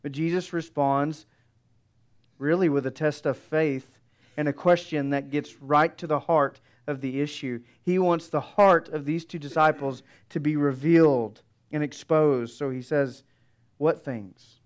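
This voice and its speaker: A man preaching an expository sermon in a measured, reflective way, with frequent rhetorical questions. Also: a little high, fairly even intonation, clear, resonant tone.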